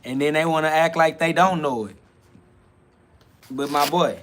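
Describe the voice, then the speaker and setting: Bright-voiced man ranting preachily. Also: a little high, normal speed, pauses often, a little hiss or hum. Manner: preachy, streetwise rant with heavy repetition. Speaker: podcast host. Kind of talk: spiritual self-talk monologue.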